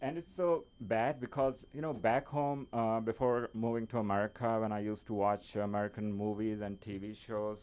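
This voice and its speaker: A man who is not a native English speaker doing an open mic stand-up set in a small comedy club, halting, with many fillers and restarts. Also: on the low side, steady tone, a little mellow, smooth.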